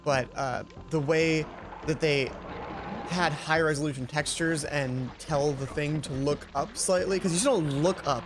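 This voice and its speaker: A man with a slightly higher voice talks through a video game in loose, rambling commentary. He gets excitable as he explains things. Clear game music plays under him the whole time. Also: a little slow. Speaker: co-host of a gaming video series. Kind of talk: casual gaming commentary. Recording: game music playing behind.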